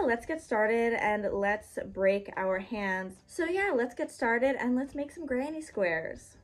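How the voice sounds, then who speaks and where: A woman's voice: medium pitch, fairly bright tone. A young woman chatting casually through a crochet tutorial, upbeat and full of slang. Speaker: crochet video host.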